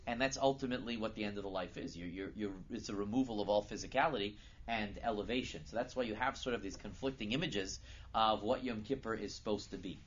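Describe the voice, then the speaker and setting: Animated storytelling man on a dull recording. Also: on the low side, fast talker. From United States. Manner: animated storyteller, rising to loud emphatic peaks. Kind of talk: storytelling sermon. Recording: dull lo-fi recording with faint noise.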